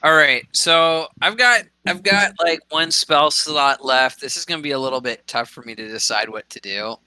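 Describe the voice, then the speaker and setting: Male player, umming while he decides, sharp bright clean tone. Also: fairly high pitch, moderate pace, smooth, no echo, poor audio. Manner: hesitant, full of ums while deciding. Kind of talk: playing a tabletop game.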